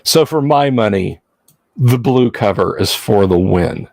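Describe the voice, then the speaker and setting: With a fairly low, creaky, slightly mellow voice, a man hosts a livestream at a measured, expressive pace with no echo. He's chatty and jokey, rambles between points, and replies to his chat.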